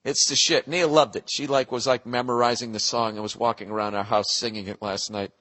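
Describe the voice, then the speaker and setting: A man's voice: medium pitch, fairly even intonation, a little fast, pushed and bright, in a large hall. A man hosting a podcast, delivering a profane, digressive comedic monologue. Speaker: podcast host.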